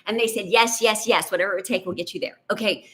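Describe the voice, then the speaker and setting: A middle-aged woman, a business coach telling a chatty, animated story to a live online audience. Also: mid-range voice, fast. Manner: chatty, animated, says "y'all" and "like".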